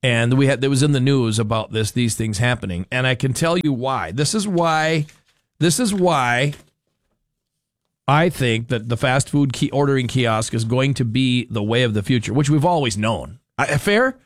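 A man's voice: medium pitch, normal speed, hardly any pauses, no echo, clean studio sound. Chatty, rambling radio host man. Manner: rambling, chatty, self-correcting with fillers. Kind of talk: casual opinionated radio talk.

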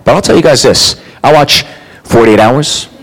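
A man doing a stand-up routine in an animated, mock-paranoid manner. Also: medium pitch, normal speed, low-quality recording. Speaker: stand-up comedian. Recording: live club with crowd noise.

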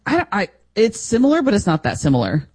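A woman co-hosting a radio talk show, dry and quick to disagree. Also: medium pitch, wildly swooping pitch, darkish tone, slightly rough. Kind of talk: casual radio banter.

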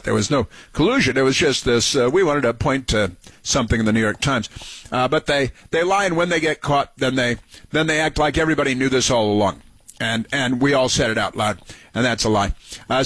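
A man's voice: medium pitch, fairly bright tone, no echo. A man hosting a radio talk show, giving sarcastic political commentary, mocking and repeating phrases for emphasis. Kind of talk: political commentary over played clips.

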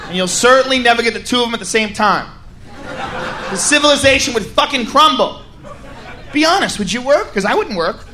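A man doing a loud, profane stand-up comedy set, often shouting and laughing. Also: very high-pitched, lively intonation, fairly quick. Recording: live club recording with crowd noise. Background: audience noise.

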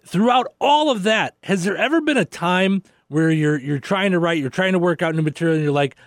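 A man's voice: sits high, a little fast, hardly any pauses, no room sound, clean studio sound. A man hosting a radio interview, chatty and conversational as he asks questions. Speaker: radio host.

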